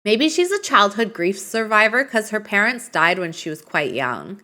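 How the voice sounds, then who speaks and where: Lively, bright-voiced woman streamer. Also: medium pitch, normal speed. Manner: chatty, reads game options aloud, greets chat viewers. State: tired. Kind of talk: live game stream commentary.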